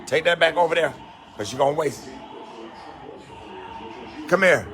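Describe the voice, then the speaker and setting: A middle-aged man filming a casual home video, teasing a child with quick-fire questions. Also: fairly high pitch, expressive, fairly bright tone, faint music behind. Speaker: radio host filming at home with grandchildren. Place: home, indoors.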